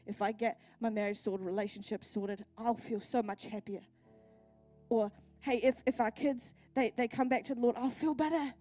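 A woman's voice: fairly high pitch, steady tone, normal speed, mellow, faint music behind. A woman pastor with a New Zealand accent, pregnant, preaching a sermon at a church service with earnest personal storytelling.

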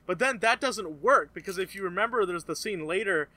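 Lively high-voiced young man reviewing movies. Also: brisk, dry recording. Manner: animated, fills with "like", laughs often. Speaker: podcast co-host. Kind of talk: casual movie review chat.

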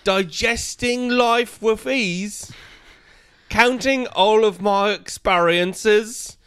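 Male, doing a sing-song old British nanny voice: high, very slow, hammy. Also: bright, forceful tone, clear, resonant tone, full character voice. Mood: theatrical. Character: prim old-fashioned British nanny-type poem reader.

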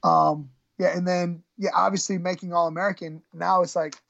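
A man's voice: high voice, level tone, moderate pace, gravelly, a bit bright, dry recording, highs cut off. A middle-aged man, a former college wrestler, telling stories as a guest, rambling and self-mocking, with many fillers and restarts. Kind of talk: casual storytelling interview.

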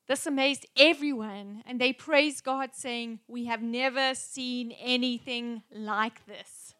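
A woman's voice: a little high, unhurried, hardly any pauses, bright, forceful tone. A woman preaching a sermon, reading scripture aloud with emphasis and breaking into chatty asides to the congregation.

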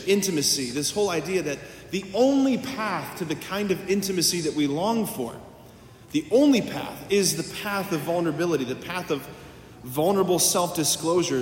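A man's voice: fairly high pitch, slight background noise. A man, a priest, delivering a homily in a conversational storytelling manner, acting out quoted dialogue. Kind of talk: sermon. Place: church. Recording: echoey church from a distance.

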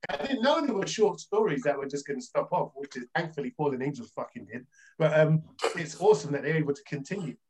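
A man's voice: on the high side, animated, quick pace, breathy edge, rough recording. A man co-hosting a casual comics podcast, swearing freely and talking with enthusiasm. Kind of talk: casual chat.

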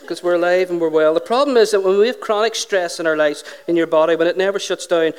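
Man, pastor, higher-pitched, sermon, lively anecdotes, acts out dialogue. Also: quick pace. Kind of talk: sermon storytelling.

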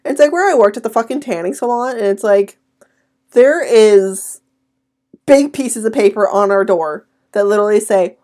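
A woman's voice: mid-range voice, animated, normal speed, a little mellow. A young woman co-hosting a podcast, talking bluntly and swearing freely in casual chat. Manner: blunt, profane, laughs often. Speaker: podcast co-host.

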